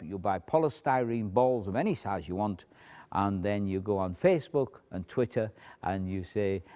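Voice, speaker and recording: A man's voice: on the low side, mellow. A man, a magician talking through a routine in a chatty, explanatory way, with asides. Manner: chatty, explanatory, shifts into asides and acted quotes. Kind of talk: demonstration tutorial.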